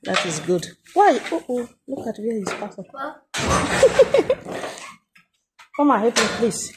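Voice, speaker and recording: A woman's voice: on the high side, sing-song, slow, heavy background noise. A woman farmer with a Nigerian accent, chatting playfully and coaxing her animals in a casual vlog.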